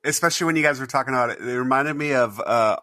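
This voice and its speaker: A man's voice: medium pitch, racing, bright, forceful tone, no room sound. A man as a podcast guest in casual chat, thoughtful and hesitant, rambling with fillers.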